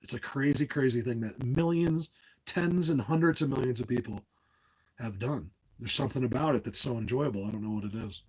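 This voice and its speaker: On a poor-quality recording, a livestream host in his middle years, from New Jersey, talks loosely with his audience. He speaks a bit fast in a medium, breathy voice, laughing a lot as he wanders between tangents.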